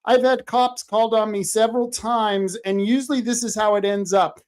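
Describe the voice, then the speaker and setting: Blunt man telling animated anecdotes. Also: sits high, moderate pace. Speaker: host, independent journalist. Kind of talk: casual storytelling chat.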